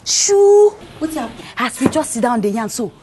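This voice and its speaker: A woman's voice: fairly high pitch, fast, background noise, natural voice. An actress playing a scheming young Nigerian woman who chats brashly in Pidgin. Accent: Nigerian, Pidgin-speaking. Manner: brash, lively Pidgin banter.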